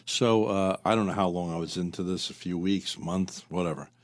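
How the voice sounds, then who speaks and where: A man's voice: deep voice, normal speed, no room sound, studio quality. A man hosting an interview, asking questions and sharing his own stories in a conversational, affirming way. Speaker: talk show host. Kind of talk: casual interview chat.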